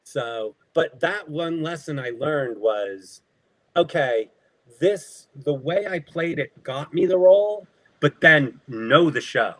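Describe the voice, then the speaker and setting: A man who works as an actor, a guest telling lively stories in casual talk. He acts out quoted lines and often laughs. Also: fairly high pitch, takes it slowly, dry recording, low-quality recording.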